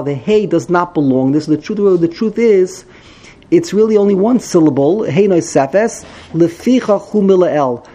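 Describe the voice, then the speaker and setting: A man's voice: high voice, mellow. A man teaching a text study class, explaining grammar as he thinks aloud, repeating and correcting himself.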